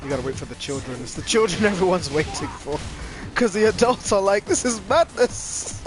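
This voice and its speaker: A man hosting a gaming channel, chatting casually while he plays and getting loudly worked up when he loses. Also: fairly high pitch, fast talker. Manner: excitable, gets loudly worked up over losses. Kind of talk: casual gameplay commentary. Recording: game music under the voice.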